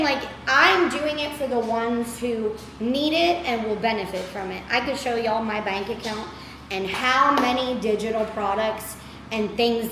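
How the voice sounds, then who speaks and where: A woman's voice: fairly high pitch, a bit bright, slight background noise. A woman, giving an upbeat, rambling motivational talk to her followers, saying "y'all" and "girl". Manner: chatty, upbeat, scattered, says "y'all" and "girl". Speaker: motivational creator. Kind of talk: casual motivational talk to camera. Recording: echoey room with faint ambience.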